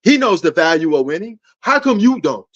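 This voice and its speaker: Loud passionate New man. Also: high voice, very animated, a little fast. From New York. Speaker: sports talk show host. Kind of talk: livestream sports debate answering chat. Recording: dull lo-fi stream audio.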